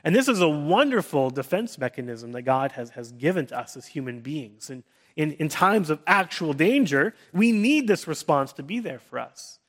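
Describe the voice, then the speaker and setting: A man in his thirties preaching an earnest sermon, often restarting his phrases and dropping to a soft hush for comforting words. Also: a little high, sing-song, normal speed. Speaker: pastor.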